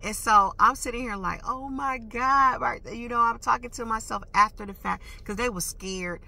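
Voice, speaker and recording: Bright-voiced woman telling a story. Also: medium pitch, normal speed, creaky. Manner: animated, emphatic, slangy, with sound effects. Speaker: vlogger. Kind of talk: casual storytelling monologue.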